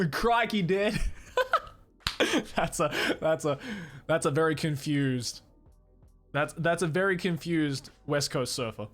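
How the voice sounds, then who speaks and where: A man's voice: fairly high pitch, a little slow, a bit bright, faint music behind. A young Australian man streaming in a studio, chatting casually and animatedly. He swears often and laughs a lot. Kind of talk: casual chat. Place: studio, indoors.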